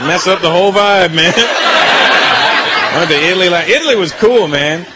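A man's voice: sits high, moderate pace, over a noisy crowd. A young man performing a stand-up comedy set, telling stories and slipping into character voices. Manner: animated storytelling with put-on character voices. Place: comedy venue with live audience. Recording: live show with loud audience laughter and noise.

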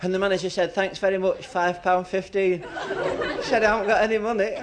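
A man's voice: high voice, fairly even intonation, a little fast. A man doing stand-up, telling rambling jokes and chuckling between them. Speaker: stand-up comedian. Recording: noisy live club with loud crowd.

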